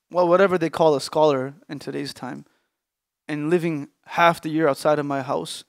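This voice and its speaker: High-voiced man preaching an emotional sermon. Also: no room sound, clean studio sound. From Canada. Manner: emotional, emphatic preaching with hushed pauses. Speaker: Islamic scholar. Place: mosque or lecture hall.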